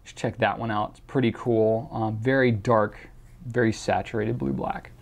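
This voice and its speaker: A man's voice: on the low side, fairly even intonation, moderate pace. A man hosting a casual question-and-answer show, talking chattily with many fillers and restarts. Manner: reads out a viewer's question in a mock accent. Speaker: host answering viewer questions. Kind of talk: casual chat.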